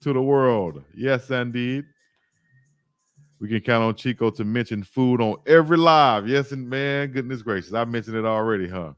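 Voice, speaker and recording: A man from Alabama, hosting a sports livestream, telling stories in a slangy, lively way and reading chat comments aloud. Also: medium pitch, moderate pace, clean tone, no room sound, clean studio sound. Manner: slangy, animated storytelling, reads chat aloud. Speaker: sports YouTube host.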